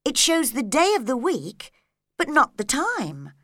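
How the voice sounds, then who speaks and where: A woman voicing a polite, curious young girl in a storybook reading, raising her voice high and eager. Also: wildly swooping pitch, measured pace, a bit bright, no room sound, studio quality, full character voice. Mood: earnest.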